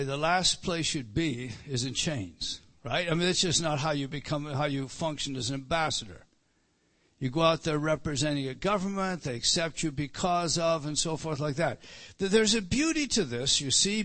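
A man's voice: fairly high pitch, pushed and bright. A man preaching a Bible teaching sermon, with frequent restarts and repeated words, rising for emphasis on key phrases.

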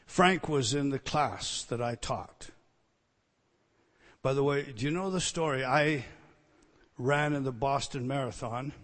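A man preaching a sermon, swinging between loud emphatic teaching and quiet storytelling. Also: mid-range voice. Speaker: pastor. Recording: long reverb hall.

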